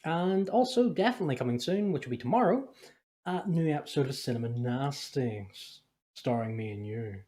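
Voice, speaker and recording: A man's voice: mid-range voice, animated, moderate pace, warm tone. A man hosting a podcast in a loose, rambling way. He jokes constantly and swears without a second thought. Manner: rambling, jokey, swears freely. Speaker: podcast host. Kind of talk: casual podcast chat.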